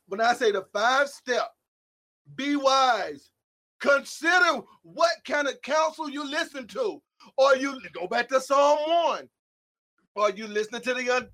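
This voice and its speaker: Man preaching, very high-pitched, loud emphatic delivery with sudden quiet drops. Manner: shouting emphatic lines, swinging between loud and hushed; calls out to listeners by name. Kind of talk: sermon.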